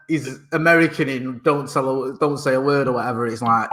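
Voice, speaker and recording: Male co-host with a bright tone, rambles and hunts for words, dry humor. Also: mid-range voice, steady tone, a little fast, hardly any pauses. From Britain. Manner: rambling, searching for words with many restarts; dry, joking banter. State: parent. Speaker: podcast co-host. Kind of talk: casual chat.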